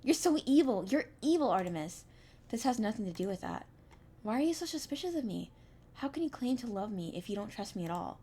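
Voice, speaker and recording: A woman's voice: medium pitch, animated, fairly quick, warm tone, slight background noise, lightly acted. A woman voicing a clingy, jealous young girlfriend who is sick in bed, demanding and accusing.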